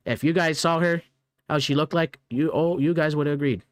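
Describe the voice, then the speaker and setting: A man's voice: fairly high pitch, a little fast, dry recording. Young guy streaming a game, rambly and slangy, keeps restarting his sentences. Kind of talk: casual gameplay commentary.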